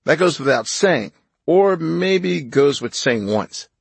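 A man narrating his own nonfiction audiobook in a measured, reflective way. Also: a little high, animated, gravelly, husky, no echo.

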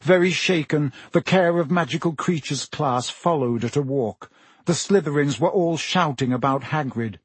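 A man reading a fantasy story aloud in an expressive audiobook style. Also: a little high, normal speed, slightly rough, no room sound. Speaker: audiobook narrator.

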